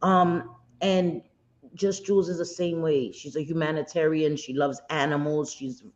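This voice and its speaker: A woman's voice: deep voice, steady tone, a little slow. Blunt woman livestream host, lo-fi audio. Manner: blunt and indignant, with occasional swearing. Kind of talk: casual gossip commentary. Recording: dull lo-fi stream audio.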